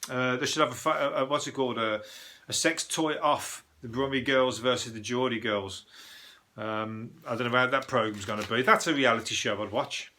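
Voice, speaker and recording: A male comedian rambling through a news-review podcast with lots of swearing and frequent chuckles. His voice is bright and forceful, set at a mid pitch for a man. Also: moderate pace. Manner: profane, rambling, chuckles often. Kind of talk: casual comedic news monologue.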